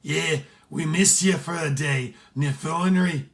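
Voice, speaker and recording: A man voicing a rough old Irish pirate with a heavy brogue who talks in an excitable, jeering way. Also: on the high side, unhurried, voice pushed up. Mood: teasing.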